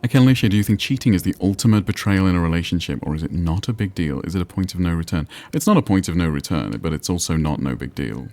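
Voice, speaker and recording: A man's voice: deep voice, lively intonation, fast talker, few pauses, a little mellow. A man with a northern English accent chatting casually while streaming a game, musing and answering chat. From England. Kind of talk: casual gameplay commentary.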